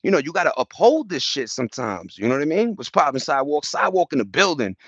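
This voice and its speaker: A man's voice: a little high, quick pace, breathy edge, no echo, muffled recording. A man ranting casually on a livestream outdoors, talking to his chat in profane street slang and acting out what other people say. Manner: animated, profane street slang, acts out quotes. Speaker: livestream host.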